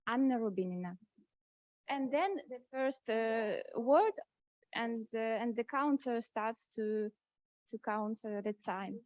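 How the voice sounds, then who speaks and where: Halting high-voiced woman chairing a contest. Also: animated, dry recording. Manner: halting, many fillers and restarts. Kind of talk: hesitant meeting chairing. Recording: dull lo-fi sound.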